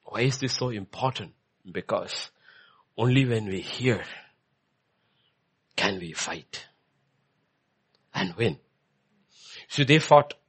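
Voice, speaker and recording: A male preacher giving a sermon, swinging between hushed lines and loud emphatic ones. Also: on the low side, lively intonation, takes it slowly, pauses often, husky.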